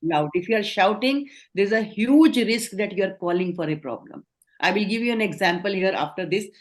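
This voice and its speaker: A middle-aged woman with an Indian accent, leading an online training session, explaining and affirming answers. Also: mid-range voice. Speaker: communication trainer.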